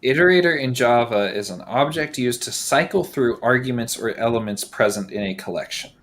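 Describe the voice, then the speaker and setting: A man's voice: medium pitch, fairly quick, fairly bright tone. A man co-hosting a game stream in casual chat, rambling with many fillers and reading chat aloud. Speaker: streamer, co-host.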